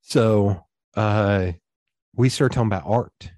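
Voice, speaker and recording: Man, warm mellow voice, dry close sound, rambling anecdotes with acted-out dialogue. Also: on the low side, slow pace, dry recording. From East Tennessee, USA. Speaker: podcast guest. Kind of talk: casual storytelling conversation.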